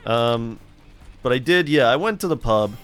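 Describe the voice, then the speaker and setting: A middle-aged man drifts through loose, rambling gameplay commentary at an ordinary, mid-range pitch. His talk is laid-back and full of chatty asides. Faint game music plays beneath his voice. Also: lively intonation, moderate pace, fairly bright tone, smooth. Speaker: let's play host.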